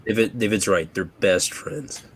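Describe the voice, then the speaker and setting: A man's voice: on the low side, moderate pace, breathy edge. A man playing in a tabletop game, chatting casually with dry, joking remarks. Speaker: player.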